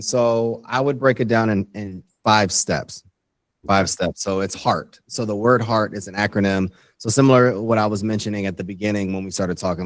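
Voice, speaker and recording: A man's voice: on the low side, dry recording. A man who is a guest educator on a podcast interview, earnestly explaining his ideas step by step. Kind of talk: interview conversation.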